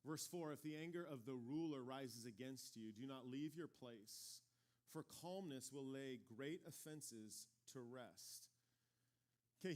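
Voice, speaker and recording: A man in his forties giving a casual, conversational sermon as pastor, telling stories and acting out the people in them. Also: medium pitch. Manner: animated storytelling, acts out quoted voices. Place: church sanctuary.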